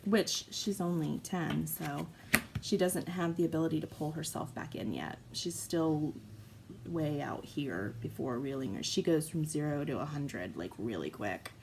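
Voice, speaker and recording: Chatty low-voiced woman in her forties. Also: expressive, measured pace, gravelly, darkish tone, slight background noise, poor audio. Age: 40s. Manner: chatty, rambling, self-mocking. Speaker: craft vlogger and mom. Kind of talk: casual storytelling chat while crafting.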